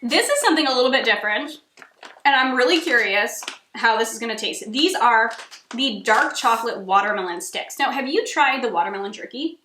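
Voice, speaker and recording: A woman's voice: a little high, expressive, fairly quick, sharp tone, a little hiss or hum. A woman in her thirties with a Rhode Island accent, hosting a casual food taste test, bubbly and giggly. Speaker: cooking channel host. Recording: echoey room.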